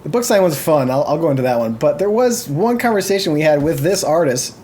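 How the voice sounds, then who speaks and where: A podcast co-host in casual chat, relaxed and quick to chime in with agreement. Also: medium pitch, a little hiss or hum.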